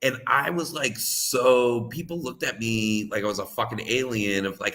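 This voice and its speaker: Bright-voiced man telling a rambling story. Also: medium pitch, fairly even intonation, moderate pace. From United States. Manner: rambling, many "like" fillers, laughs often. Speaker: co-host. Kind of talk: casual storytelling chat.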